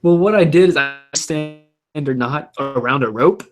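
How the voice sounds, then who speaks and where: A man co-hosting a maker podcast, telling animated stories in casual chat and laughing often. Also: on the high side, normal speed, faint music behind. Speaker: podcast co-host.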